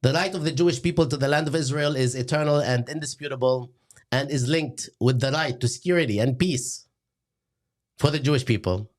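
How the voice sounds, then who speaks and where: A middle-aged man, hosting a satirical lecture in a deadpan, sarcastic manner. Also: mid-range voice, a little fast. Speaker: host.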